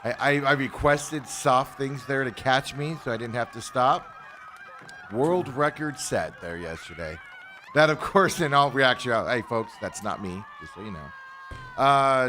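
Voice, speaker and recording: A man's voice: medium pitch, expressive, unhurried, pushed and bright. A man hosting a casual sports talk show, joking and chuckling between his points. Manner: joking, chuckling often, restarts.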